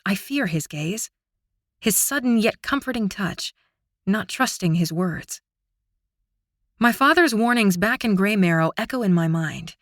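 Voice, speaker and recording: Expressive woman narrating a fantasy audiobook. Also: mid-range voice, measured pace, dry recording, studio quality. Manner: expressive, intimate storytelling.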